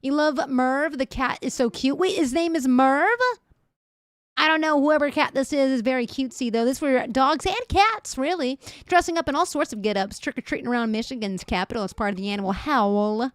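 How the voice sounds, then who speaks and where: Young woman streamer, casual joking reactions, slightly high pitch, dry mic. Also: brisk, no echo. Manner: chatty, jokey, laughs often, talks to chat. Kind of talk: casual chat reacting to news clips.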